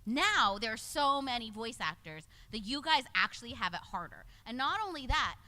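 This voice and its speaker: A woman's voice: fairly high pitch, very animated, moderate pace, bright, forceful tone. A middle-aged woman, a voice actor and casting director, chatting casually on a convention panel with frequent laughs.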